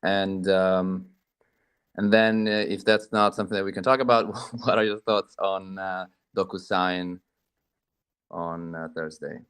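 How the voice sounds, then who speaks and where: A man's voice: low voice, steady tone, unhurried, a bit bright, clear, resonant tone. A man in a casual voice chat, asking hesitant questions about trades, with lots of ums and self-deprecating asides.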